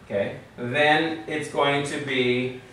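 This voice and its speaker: A man's voice: mid-range voice, fairly even intonation, slow, background noise. A man teaching a Hebrew grammar class, explaining rules step by step and quizzing his students. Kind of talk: classroom lesson. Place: class room. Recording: very echoey room, far from mic.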